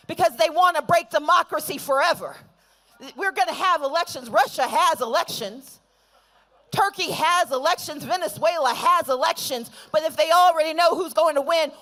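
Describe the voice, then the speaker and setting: High-pitched woman orator at an outdoor rally; rousing, chant-leading delivery. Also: a bit bright. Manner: rousing, call-and-response chanting. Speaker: rally speaker. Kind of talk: rally speech.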